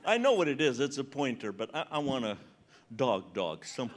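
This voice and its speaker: A man's voice: medium pitch, sing-song, moderate pace. A man in his seventies performing stand-up comedy on a conference stage, bantering and teasing the audience. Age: 70s. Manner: conversational, teasing audience members. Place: large conference hall stage.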